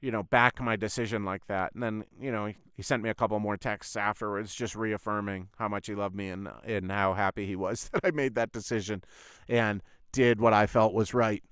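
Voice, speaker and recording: Dude hosting a podcast, rambling story w lots of "like" and swearing, clean dry sound. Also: male voice, on the low side, steady tone, fairly quick, a bit bright, clear, resonant tone, no room sound. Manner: rambling, sweary, full of "like" and "I was like" retellings. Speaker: podcast host. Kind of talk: casual storytelling monologue.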